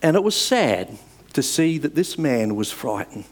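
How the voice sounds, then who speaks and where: A man's voice: medium pitch, sing-song, breathy edge. Earnest man preaching a sermon. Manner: earnest, measured, with emphatic rises and soft drops.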